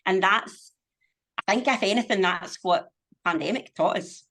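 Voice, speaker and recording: A woman's voice: mid-range voice, moderate pace, fairly bright tone. Woman on a podcast, fired up and motivational, swears a lot. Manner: emphatic, motivational, swears freely. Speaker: podcast guest, business owner. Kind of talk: casual conversation.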